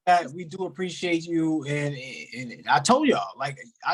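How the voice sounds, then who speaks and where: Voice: a little slow, breathy edge. Give me a hyped-up call host addressing the whole group over video chat. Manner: animated, shifting pitch, slangy, talks to the group directly.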